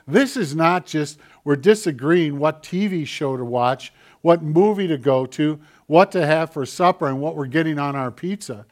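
Man, pastor, sermon, somewhat high voice, hushed then urgent, rhetorical questions. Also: normal speed, hardly any pauses. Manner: swings between quiet, heavy emphasis and louder urgent passages.

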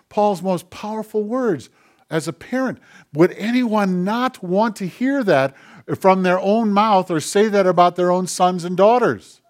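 An older male pastor preaching a sermon, dropping to hushed tones and rising to emphatic, louder passages. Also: high-pitched. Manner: swings from hushed near-whispers to loud emphatic preaching; acts out quoted voices in soft tones.

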